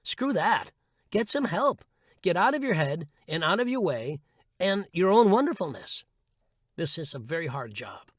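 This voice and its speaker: A man's voice: fairly high pitch, big pitch swings, normal speed, slightly rough, no echo, studio quality. A man reading his own essay aloud in a wry, sarcastic, playful way, as an audiobook narrator and voice coach.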